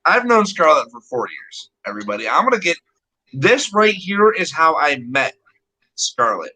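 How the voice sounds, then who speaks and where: A man's voice: a little high, big pitch swings, moderate pace, sharp tone, poor audio. A man telling a rambling story in casual, profane chat, blunt and full of swearing.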